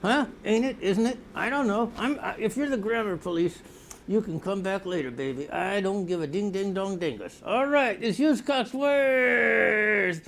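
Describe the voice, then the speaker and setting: A man hosting a spoof news show in a rambling comic monologue, with sudden jumps in pitch and loudness like a mock pitchman. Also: lively intonation, moderate pace, slight background noise.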